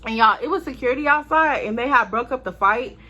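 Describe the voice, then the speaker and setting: An animated woman telling a storytime vlog in a loose, profane way, talking straight to her viewers. Her voice sits a little high and comes across bright and forceful. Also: fast talker, dull audio. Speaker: storytime vlogger.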